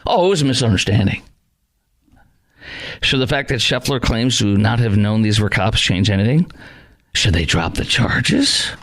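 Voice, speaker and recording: A man's voice: fairly low pitch, expressive, moderate pace, fairly bright tone. A man hosting a talk radio show, arguing with emphatic rhetorical questions into a studio microphone.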